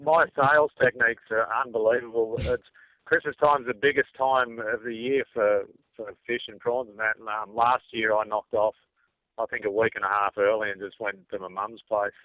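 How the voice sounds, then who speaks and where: A man's voice: lowish voice, steady tone, normal speed, dry recording. A man with an Australian accent calling in, chatting casually with laid-back, self-deprecating jokes. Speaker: phone-in caller. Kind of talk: casual chat. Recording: tinny phone line.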